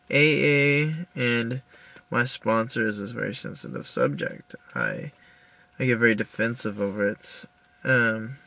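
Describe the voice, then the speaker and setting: A young man recording a personal video diary in his car, upset and halting, with many restarts as he tells what happened. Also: mid-range voice, creaky, a bit bright. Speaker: video diarist.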